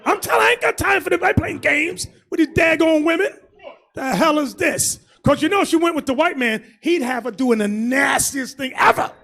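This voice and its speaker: A man preaching as a bishop, loud and crude, shouting and laughing as he mocks people in put-on voices. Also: very high-pitched, lively intonation, fairly quick.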